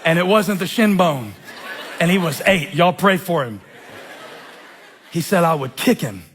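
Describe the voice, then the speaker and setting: A man, preaching a sermon in an animated, self-mocking storytelling manner. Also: a little high, measured pace, slight background noise. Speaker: pastor. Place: church.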